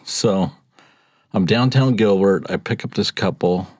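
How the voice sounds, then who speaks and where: A chatty man in his fifties with a fairly low voice tells stories in a casual, laughing way. He acts out what people said, and the sound is dry and close. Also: unhurried, darkish tone, dry recording. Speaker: podcast guest, rideshare driver. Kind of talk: casual storytelling.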